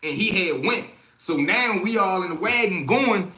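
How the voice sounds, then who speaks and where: A man's voice: high-pitched, animated, normal speed, pushed and bright, reverberant. A young man telling a story to a live stream chat in a casual way, acting out other people's voices as he goes. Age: young adult. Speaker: livestream storyteller.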